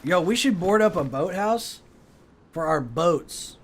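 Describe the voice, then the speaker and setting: A man's voice: sits high, animated, slow pace, long pauses, a little hiss or hum. A middle-aged man streaming a survival game on a headset, rambling and swearing while joking around. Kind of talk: casual gaming commentary.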